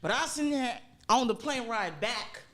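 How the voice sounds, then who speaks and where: A woman athlete guest telling animated, playful stories in casual chat, full of laughs and dramatic retellings. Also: on the high side, normal speed.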